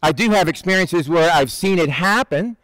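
High-voiced casual male preacher. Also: normal speed, dry recording, rough recording. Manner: conversational, animated, acts out Bible figures in quotes. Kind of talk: casual sermon.

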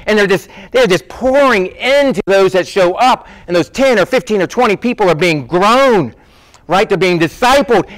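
A man preaching a sermon in a conversational, animated storytelling way, often restarting his phrases. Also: sits high, poor audio. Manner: animated storytelling, acting out quoted voices. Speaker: pastor.

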